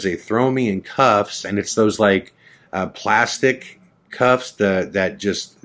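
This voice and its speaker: Low-voiced man telling a story. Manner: animated, acts out the voices of people in his story. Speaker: podcast host. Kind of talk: personal storytelling. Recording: podcast audio.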